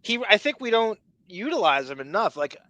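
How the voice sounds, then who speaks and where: A male podcast host, chatting casually and rambling through stories, breaking into loud laughs. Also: sits high, brisk, no room sound, rough recording. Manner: rambling, laughs loudly, animated storytelling. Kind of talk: casual chat.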